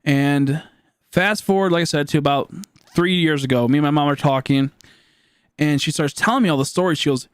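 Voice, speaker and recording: Late-20s male streamer, chatty and rambling, many fillers, slightly high pitch. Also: brisk, smooth, no echo, clean studio sound. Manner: rambling, full of "like" fillers and restarts. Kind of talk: casual storytelling on a live stream.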